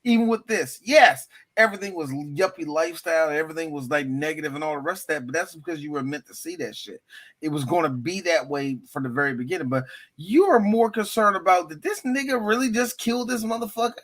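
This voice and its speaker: A man co-hosting a podcast in an easygoing chat, his voice sitting fairly high. He is animated and profane, and he often jumps into quoted voices and laughter. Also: quick pace. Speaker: podcast co-host. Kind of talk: casual chat.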